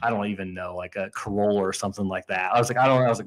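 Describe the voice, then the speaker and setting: A man's voice: lowish voice, fairly even intonation, rapid-fire, hardly any pauses, rough recording. A man in his thirties from Indiana, co-hosting a casual chat and telling a story with lots of restarts and quoted asides. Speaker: podcast co-host.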